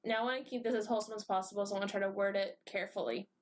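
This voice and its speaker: A woman co-hosting a casual podcast chat, goofy and quick to apologize, with jokey asides. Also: medium pitch, fairly even intonation, a little hiss or hum. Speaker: podcast co-host.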